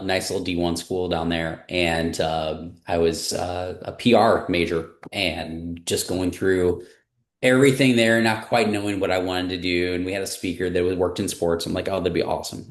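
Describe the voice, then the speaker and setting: Man, low voice, forties, lively anecdotes, roomy sound. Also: normal speed. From Missouri, US. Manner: animated storyteller, acts out quoted people. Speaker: marketing director guest. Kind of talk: casual interview storytelling.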